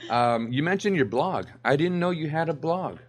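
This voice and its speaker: A man's voice: fairly high pitch, expressive, moderate pace. A man hosting a podcast interview, enthusiastic and repeating himself with many fillers. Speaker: podcast host. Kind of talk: casual interview.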